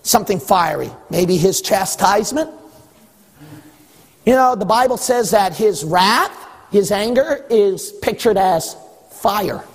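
Brief: emphatic male preacher, high and husky, in a big reverberant church. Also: lively intonation, takes it slowly. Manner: emphatic preaching with repetition and rising shouts. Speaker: pastor. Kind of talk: sermon. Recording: long hall reverb.

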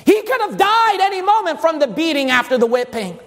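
A male preacher delivering a dramatic sermon, swinging into shouting and sing-song stretches. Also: extremely high pitch, very animated, fairly quick. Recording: long hall reverb.

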